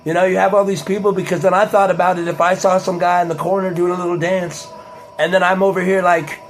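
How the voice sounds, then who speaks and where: Young man, casual vlog chat, rambling, profane, laid-back, slightly high voice. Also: flat delivery, fast talker, soft background music, poor audio.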